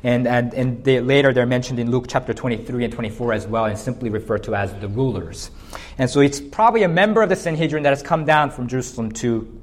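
A male pastor preaching an expository sermon, lifting his voice on emphatic points. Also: mid-range voice.

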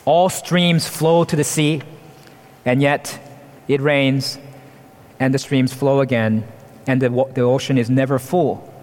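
A man's voice: mid-range voice, steady tone, unhurried, long pauses, darkish tone, in a large hall, slight background noise. A man preaching a sermon in an earnest, expository way, asking the congregation rhetorical questions.

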